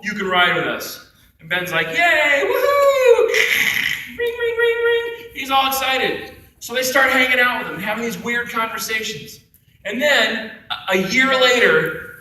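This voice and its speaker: A man speaking as a youth event speaker, telling a story in an animated way and acting out voices. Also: fairly high pitch, far from the mic, slight background noise. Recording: echoey hall, mic from afar.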